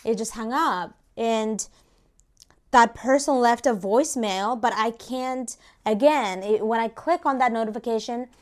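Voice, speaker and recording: A young woman talks straight to her viewers in a loose, chatty way, telling a story between bites of food. Her voice sits a little high, and she acts out both sides of a phone call with lively quoted lines. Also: unhurried. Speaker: food vlogger. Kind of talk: casual storytelling while eating.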